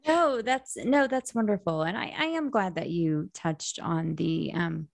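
A woman hosting a casual interview, reflective and halting as she searches for her words. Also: on the low side, vocal fry, no echo. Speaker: interview host. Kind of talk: casual conversation.

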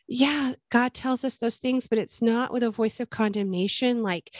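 A middle-aged woman talking in an earnest, gentle and explanatory way as a guest in a casual conversation. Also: a little high, lively intonation, normal speed, hardly any pauses, dry recording. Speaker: guest sharing her faith and experience with anxiety.

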